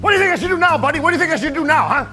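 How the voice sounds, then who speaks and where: A man voicing a big, burly, restless hospital patient who talks loudly and repeats himself eagerly. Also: very high-pitched, expressive, racing, soft background music, voice pushed up, full character voice.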